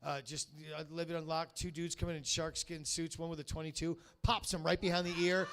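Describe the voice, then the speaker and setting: Man, stand-up comic, raised pitch, bright edge, punchy one-liners, loud bursts and asides. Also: steady tone, a little fast, hardly any pauses, a little hiss or hum. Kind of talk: stand-up set. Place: comedy club stage.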